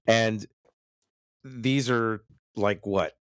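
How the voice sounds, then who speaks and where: A man with a lowish voice hosts a loose, casual chat. He talks in a profane, easygoing way and leads the story along. His voice sits close and dry. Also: steady tone, extremely slow, a bit bright, no echo.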